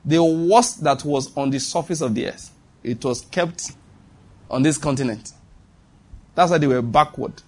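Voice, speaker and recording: A man's voice: on the high side, unhurried, pauses often. A Nigerian man preaching a sermon with a Nigerian accent, emphatic and repetitive, calling on the congregation to respond. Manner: emphatic, repeats lines for stress, calls on the congregation.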